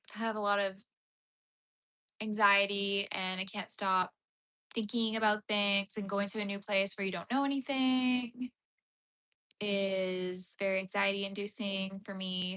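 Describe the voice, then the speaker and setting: Taking it slowly in a mid-range, pushed and bright voice, a young Canadian woman chats casually with viewers as she crochets on a livestream. Her talk rambles, with plenty of "like".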